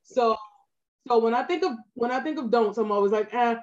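A woman with a Baltimore accent talks through practical advice in a relaxed podcast chat. She is earnest and keeps checking in with her listener. The recording sounds a little dull and lo-fi. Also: on the high side, fairly quick. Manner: earnest, advice-giving, frequent "right?" asides. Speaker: photographer guest. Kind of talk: casual podcast interview.

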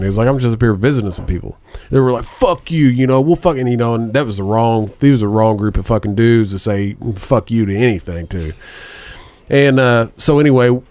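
A man's voice: medium pitch, a little mellow, no room sound. A middle-aged man telling a long profane story in a casual chat, rambling and laughing at his own tale.

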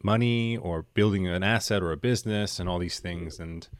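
A man co-hosting a podcast, talking in a thoughtful, halting way. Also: sits low, dry recording. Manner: thoughtful, halting, many restarts. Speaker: podcast co-host. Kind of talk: casual conversation.

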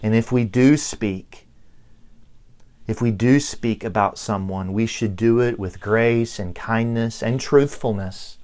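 A middle-aged man with a Southern US accent, preaching a sermon as pastor, slow and deliberate with emphatic pauses. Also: lowish voice, a little mellow. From Southern United States.

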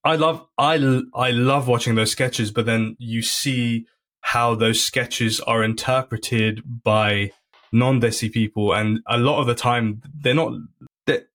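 A man of middling pitch talks as a comedian guest on a podcast. He is earnest and a little halting, restarting phrases and leaning on "you know" as he works through his thoughts. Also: a bit bright. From United Kingdom. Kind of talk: casual chat.

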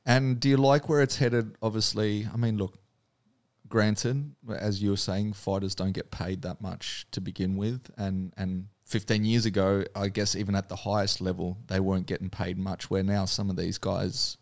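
A man's voice: fairly low pitch, little pitch movement, moderate pace, creaky. A male host interviewing a guest in a casual chat, asking long, loose questions full of fillers.

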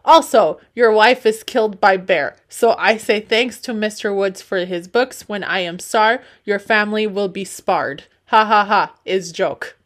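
A woman voicing a boastful, middle-aged Russian immigrant man, speaking loud broken English in a put-on Russian accent. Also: mid-range voice, a little slow, few pauses, lightly acted.

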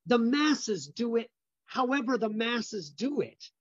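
A man's voice: very high voice, very animated, takes it slowly, no echo, muffled recording. A middle-aged man, a business founder, telling personal stories as an interview guest, stressing points by repeating words.

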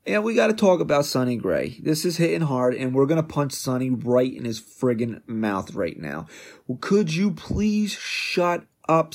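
A man's voice: mid-range voice, darkish tone. A man hosting a sports podcast, delivering a combative, sarcastic rant full of jabbing questions. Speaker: podcast host.

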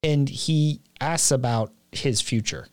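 A man's voice: medium pitch, slow. A man co-hosting a casual faith podcast, reflective and quoting scripture as he talks. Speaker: podcast co-host.

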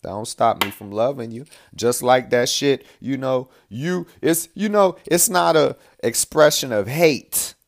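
A man's voice: medium pitch, unhurried, gravelly, hardly any pauses. A man hosting a podcast, giving a blunt, profane, rambling monologue. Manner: profane, blunt, repeats himself. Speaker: podcast host.

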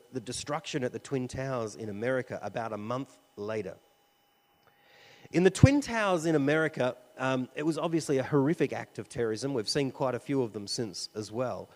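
A man's voice: medium pitch, darkish tone. A man preaching a sermon, telling a story in a conversational way with frequent fillers and restarts. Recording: long hall reverb.

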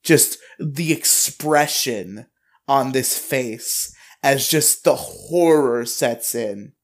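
A man's voice: medium pitch, very slow. A man co-hosting a podcast, casually recapping an anime episode, acting out lines in a raised voice and laughing often. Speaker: podcast co-host.

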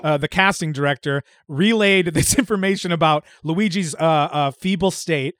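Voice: medium pitch, normal speed, a bit bright, no echo, clean studio sound. A friend reading along in a comedic story, hesitant and giggling. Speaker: friend playing Mario in a reading.

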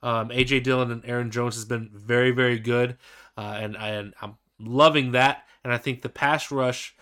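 A young man co-hosts a laid-back football podcast, his voice bright and forward with a smooth, crisp tone. He rambles a little and restarts his sentences as he thinks aloud. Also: mid-range voice, steady tone, normal speed. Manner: rambling, hesitant restarts and fillers. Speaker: podcast co-host. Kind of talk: casual sports podcast chat.

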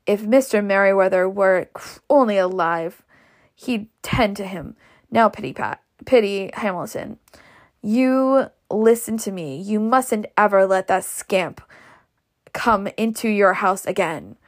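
A woman's voice: mid-range voice, a little slow, close to an everyday voice. A woman voicing a stout, indignant older matron who scolds self-righteously.

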